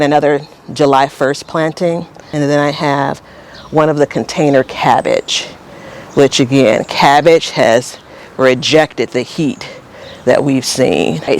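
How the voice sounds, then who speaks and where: A man hosting a casual walkthrough of his vegetable garden, talking in a long-winded, rambling way while he tours it. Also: on the high side. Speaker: garden vlogger host. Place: outdoor home vegetable garden. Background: faint outdoor ambience, passing plane.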